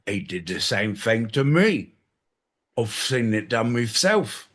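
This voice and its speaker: A man's voice: lowish voice, very animated, slow, a bit bright. A man co-hosting a podcast, bantering casually, swearing and teasing with exasperation. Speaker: podcast co-host.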